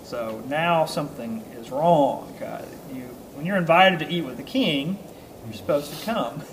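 A man leads an informal Bible study, reading scripture aloud and then unpacking it in a relaxed, chuckling way. His voice sits a bit high for a man and is full of ums and uhs, with a faint hiss under it. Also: a little slow. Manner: reads a passage, then explains it conversationally with chuckles; casual, with frequent ums and uhs. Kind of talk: informal scripture teaching to a small group.

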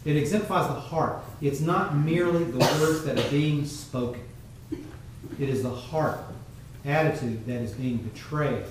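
A man preaching a sermon in a measured teaching tone, pausing often with fillers. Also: a little high, background noise. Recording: very echoey room, mic far off.

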